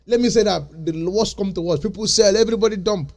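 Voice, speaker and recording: A man hosting his own channel, talking straight to his viewers in a mellow, rather high voice. He lectures them insistently, circling back over the same points again and again. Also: fast. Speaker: crypto channel host. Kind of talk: casual vlog talk to camera.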